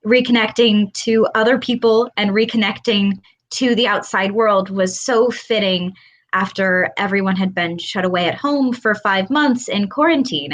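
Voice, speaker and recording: A woman's voice: medium pitch, fairly bright tone. A woman actor guesting in an interview over a video call, articulate and eager. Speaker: theatre company actor.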